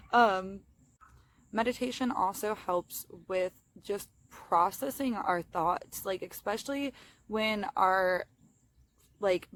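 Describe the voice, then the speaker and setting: Young woman vlogging outside, slight lisp, chatty and kinda apologetic, lots of ums, faint outdoor noise behind. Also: fairly low pitch. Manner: chatty, apologetic, many fillers. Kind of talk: casual self-help vlog.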